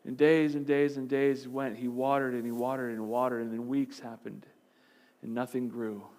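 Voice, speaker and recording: A man's voice: medium pitch, little pitch movement, normal speed. Man preaching a storytelling sermon. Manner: dramatic storytelling, dropping to soft emphasis. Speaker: pastor.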